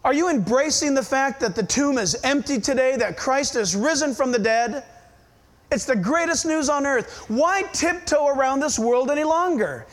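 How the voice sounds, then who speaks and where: A man's voice: very high-pitched, expressive, normal speed. A man preaching a sermon as pastor, emphatic and firing rhetorical questions at his listeners.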